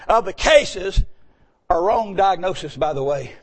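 A high-voiced preacher delivers his sermon in church, swinging between folksy anecdotes and loud, emphatic shouts. His tone is plain and homespun, with sudden bursts of volume on the key lines. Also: expressive, a little slow, slightly rough.

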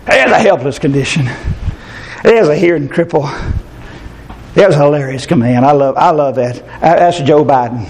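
An older man preaching a fervent sermon, his voice leaping up into shouts at its peaks. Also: fairly high pitch, moderate pace, slight background noise. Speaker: pastor.

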